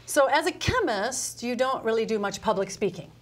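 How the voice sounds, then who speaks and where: Guesting in a relaxed interview, this middle-aged customer service speaker recounts her experiences expressively, voicing the lines she once said herself. Her voice is on the high side, and she talks at a normal speed.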